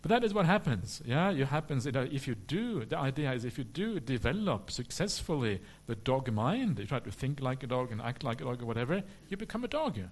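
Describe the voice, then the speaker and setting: A man, a Buddhist monk, answering questions at a retreat in a relaxed, humorous way with many "uh" fillers. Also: medium pitch, brisk, hardly any pauses. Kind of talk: dharma talk question and answer.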